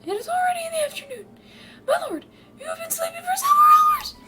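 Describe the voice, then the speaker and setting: A woman voicing a devoted young male knight who pleads in a shrill, tearful, high voice while reading a game aloud on a stream. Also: wildly swooping pitch, quick pace, over loud music, full character voice. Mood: teary pleading.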